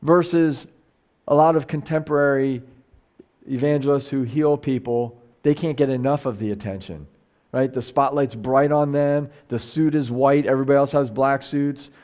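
A man's voice: medium pitch, steady tone, normal speed, a little mellow. A middle-aged man teaching a Bible study as a pastor, talking casually and animatedly, with frequent restarts and quoted voices acted out. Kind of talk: casual conversational sermon.

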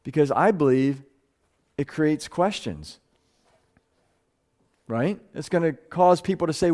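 A man's voice: on the high side, animated, slow pace, long pauses, darkish tone. A man preaching a live sermon to a gathering, earnest, often stumbling over words and restarting phrases, his voice rising and speeding up when he stresses a point.

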